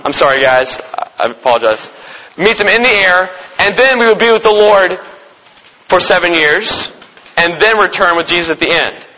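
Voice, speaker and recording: A man teaching a Bible lesson. He asks the listeners questions and answers them himself, and he reads scripture aloud slowly. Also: high voice, pushed and bright, in a large hall, lo-fi sound. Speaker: preacher teaching a Bible study.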